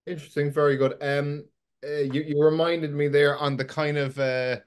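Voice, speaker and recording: Guy hosting a podcast, laid back, kinda halting when he asks stuff. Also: fairly high pitch, flat delivery, smooth. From Ireland, Cork. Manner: easygoing, halting questions. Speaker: podcast host. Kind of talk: conversational interview.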